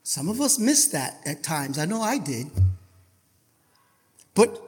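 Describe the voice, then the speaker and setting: A male preacher delivering an impassioned sermon. He fires rhetorical questions at the congregation and swings between hushed asides and loud outbursts. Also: a little high, sing-song, slow, pauses often, in a large hall.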